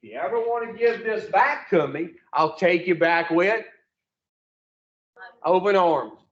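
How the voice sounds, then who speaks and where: A man's voice: high voice, unhurried, a bit bright, roomy sound, dull audio. A man voicing God in a told story, blunt and plain-spoken, with mild swearing. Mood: stern. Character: stern commanding male God.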